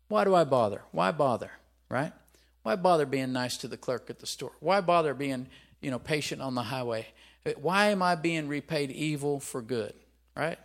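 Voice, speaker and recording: A male preacher reading a scripture passage aloud and commenting on it in an animated sermon, asking the listeners to repeat lines after him. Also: medium pitch.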